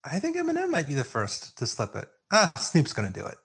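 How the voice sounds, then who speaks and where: A man co-hosting a music podcast, chatting casually and getting excited and openly emotional. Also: a little high, a little fast, creaky, slightly rough. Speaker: podcast co-host. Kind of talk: casual music debate chat. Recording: remote call, own mic.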